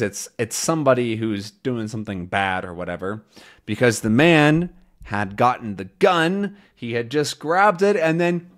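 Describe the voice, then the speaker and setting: A man, an English teacher, patiently explaining a comic story to learners. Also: medium pitch. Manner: slow, patient, clear explaining.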